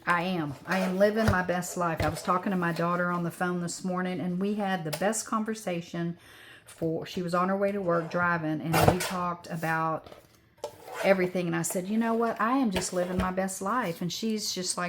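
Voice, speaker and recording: A woman's voice: on the low side, steady tone, normal speed, noisy background. A woman of sixty chatting casually as she crafts at home, rambling and upbeat. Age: 60s. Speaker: crafting vlogger.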